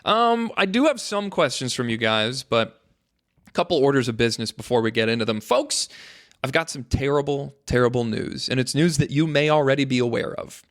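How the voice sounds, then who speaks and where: A man's voice: medium pitch, fairly quick. A man hosts his own podcast solo, in a loose and casual monologue. He rambles from one thought to the next, jokes at his own expense, and throws in mock-dramatic asides to his listeners. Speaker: podcast host.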